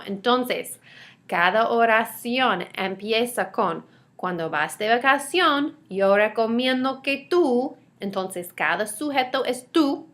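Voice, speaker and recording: A woman teaching a recorded grammar lesson, explaining each step clearly and switching between English and Spanish examples. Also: fairly high pitch, fairly bright tone.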